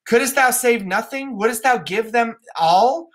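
A woman reading the part of an old king going mad, in slow, grand, anguished verse. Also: fairly high pitch, pitched above the performer's own voice. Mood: brooding. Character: old male king sliding into madness.

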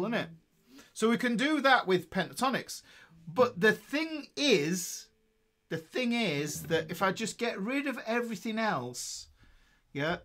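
A man's voice: sits high, a bit bright. A man giving a casual guitar lesson, chatty and upbeat, laughing and talking while he plays. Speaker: guitar teacher. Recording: faint guitar music behind. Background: guitar playing.

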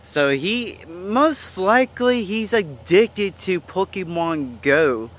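A man's voice: sits high, lively intonation, slow, fairly bright tone. A man narrating and filming a casual comedy skit, exasperated, swearing and questioning.

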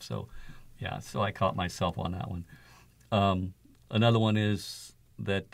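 A man's voice: low voice, steady tone, measured pace, creaky, no room sound. A man speaking as an interview guest, an author and father sharing his experiences in an earnest, reflective way. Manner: earnest, reflective, with soft laughs. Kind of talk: conversational interview storytelling.

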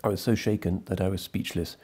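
Man reading as an older desert chief in grief, deep mellow voice, restrained. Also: steady tone, a little fast, husky. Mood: grave. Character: grieving Libyan tribal chief, older man.

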